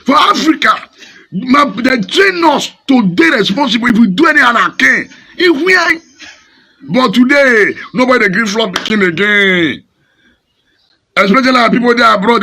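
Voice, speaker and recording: Preaching at a normal speed, this Nigerian pastor sounds animated as he berates his congregation in Pidgin-tinged English. The voice rides high and bright, raspy and husky, with gravel in it and pitch that leaps all over the place.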